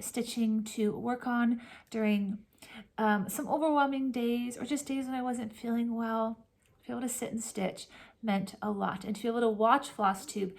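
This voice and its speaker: A woman hosting a cross-stitch vlog, chatting warmly and emotionally to camera from home, with soft whispered asides. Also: fairly high pitch. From California. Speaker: Flosstube host. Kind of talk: casual chat to camera.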